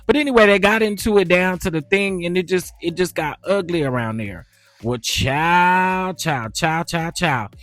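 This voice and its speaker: A man cooking on camera and talking casually, chatty and lively, with a steady stream of "child" and "honey.". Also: a little high. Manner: animated, chatty, keeps saying child and honey. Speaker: cooking vlogger. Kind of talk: casual cooking and gossip chat.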